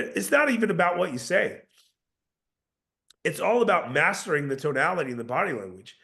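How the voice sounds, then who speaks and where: A man gives a sales training lesson, coaching his listeners with repeated points and spoken examples of tone. His voice sits a little high for a man and has a gravelly rasp. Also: fairly bright tone. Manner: coaching, repetitive, demonstrates tones.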